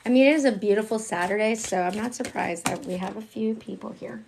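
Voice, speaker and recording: A woman's voice: normal speed, slight background noise. Chatty, profane woman tarot reader. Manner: chatty, candid and profane, with frequent fillers; animated, jumping in pitch and loudness, sometimes dropping to a whisper. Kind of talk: casual live-stream tarot reading.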